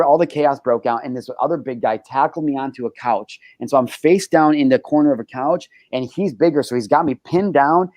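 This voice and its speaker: Brief: male talk-show host, animated and profane storyteller, dry close sound. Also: mid-range voice, no echo. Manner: animated storytelling, heavy swearing. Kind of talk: casual chat.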